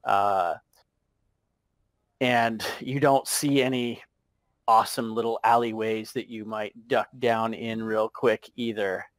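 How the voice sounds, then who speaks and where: A man narrating a tabletop game as game master, unhurried and hesitant with many fillers. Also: on the low side, fairly even intonation, no room sound.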